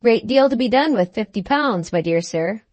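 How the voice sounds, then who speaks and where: A woman's voice: fairly high pitch, expressive, moderate pace, a little mellow, natural voice. Woman doing a fussy wheedling little lawyer. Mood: coaxing. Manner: wheedling, keeps saying "my dear sir". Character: fussy little male attorney, ingratiating.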